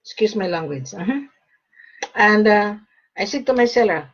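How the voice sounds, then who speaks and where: A blunt woman gives broker's advice straight to the viewer, hammering home her points. Her voice is husky and mid-pitched. The recording is dull and lo-fi. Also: animated, normal speed, pauses often. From Australia. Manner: blunt, emphatic, repeats points. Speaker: gold and diamond broker. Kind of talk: direct-to-camera advice talk.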